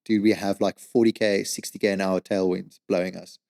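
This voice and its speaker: A man telling a story as a podcast guest, animated and swearing, with lots of "like" and "dude.". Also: deep voice, brisk, creaky. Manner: animated, swears a lot, says "like" and "dude" often. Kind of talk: casual storytelling.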